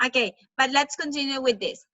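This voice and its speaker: A woman's voice: high-pitched, a little fast, sharp tone, no room sound, poor audio. A woman whose first language is Spanish, teaching an online class to children over a video call. She repeats words patiently, coaxes the kids and mimics animal sounds. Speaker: English teacher.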